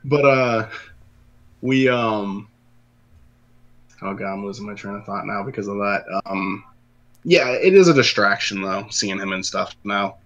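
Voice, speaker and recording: A man's voice: lowish voice, unhurried, pauses often, a bit bright, lo-fi sound. Rambling man chatting about movies. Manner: rambling, many fillers and restarts. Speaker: podcast co-host. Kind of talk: casual movie discussion.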